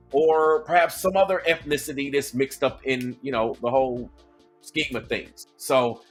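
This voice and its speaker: A man's voice: mid-range voice, fairly bright tone, breathy edge. A man from Atlanta with a Southern accent, hosting a reaction video in a chatty, explaining way, often checking in with the audience. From Atlanta, Georgia. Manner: conversational, checks in with "okay?" and "right?". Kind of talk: casual commentary.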